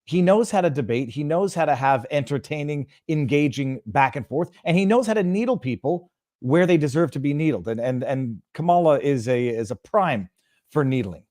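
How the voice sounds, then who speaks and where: A man from Canada talks as a guest on a political show, firm and emphatic, with a fairly high voice. He often repeats his opening words before the sentence lands. His voice sounds close and dry, with no room around it. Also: animated, normal speed, a little mellow, no room sound. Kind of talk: political talk show interview.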